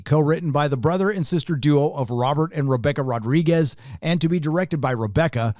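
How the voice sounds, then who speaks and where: A man's voice: fairly high pitch, lively intonation, moderate pace, darkish tone, dry recording, clean studio sound. A man hosting a commentary video, reading a news article aloud and breaking off into sarcastic, scoffing asides. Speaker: commentary channel host.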